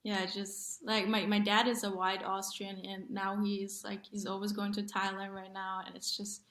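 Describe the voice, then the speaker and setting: A woman guest in a casual conversation, talking in a relaxed, somewhat hesitant way. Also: medium pitch, normal speed, roomy sound. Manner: relaxed, hesitant, laughs between phrases.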